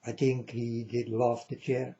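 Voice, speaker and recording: Man, slow halting delivery, mellow dark tone, solemn, repeats himself, muffled low-fi recording. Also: little pitch movement. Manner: solemn, halting, repeats phrases, sometimes loud. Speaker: self-styled prophet. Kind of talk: religious monologue to viewers.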